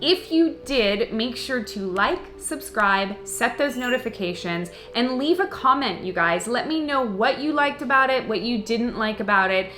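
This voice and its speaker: A bright, ringing woman's voice, talking frankly and joking with her viewers as she works through their comments. She laughs easily and keeps it loose and candid. The room around her is echoey. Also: on the high side, expressive, moderate pace, hardly any pauses. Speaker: actress answering viewer comments. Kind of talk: casual chat to camera.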